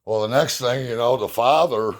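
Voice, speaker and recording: A man's voice: medium pitch, normal speed. A middle-aged man casually telling a personal story in a blunt, plainspoken way, cursing freely. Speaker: youth baseball parent and assistant coach.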